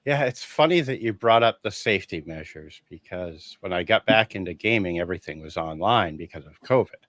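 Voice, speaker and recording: Low-voiced man, lively storytelling guest. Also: fairly quick, no room sound. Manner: animated storyteller who acts out quoted dialogue, laughing often. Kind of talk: casual conversation.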